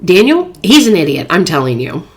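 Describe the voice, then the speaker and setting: A woman's voice: lowish voice, very animated, moderate pace. A woman hosting a phone game playthrough, reading chat messages aloud in a playful, chatty way. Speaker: gaming channel host.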